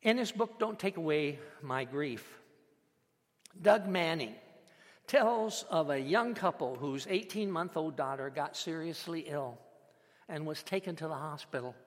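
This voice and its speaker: A man preaching a sermon as a pastor, measured and emphatic, with dramatic pauses. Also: a little high, lively intonation. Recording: long hall reverb.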